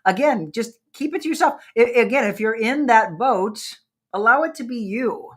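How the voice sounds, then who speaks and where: A woman's voice: fairly high pitch, lively intonation, moderate pace. A woman hosting a wellness talk show, chatting casually and animatedly with her audience and asking them questions. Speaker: host.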